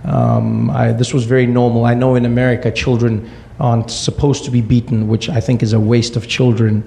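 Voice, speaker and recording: Male stand-up, creaky voice, deadpan storytelling. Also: mid-range voice, a little hiss or hum. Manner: deadpan asides in a slow build. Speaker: stand-up comedian.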